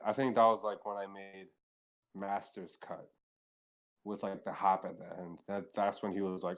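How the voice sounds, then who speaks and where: A man's voice: deep voice, little pitch movement, moderate pace. A young man as a podcast guest, telling casual, rambling stories, swearing freely and saying "like" all the time. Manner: rambling, profane, heavy use of filler "like". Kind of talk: casual storytelling chat.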